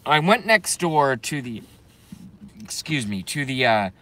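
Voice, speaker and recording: A man's voice: mid-range voice, sing-song, unhurried, a bit bright, a little hiss or hum. A young man ranting brashly and profanely on a live stream while reading viewer comments.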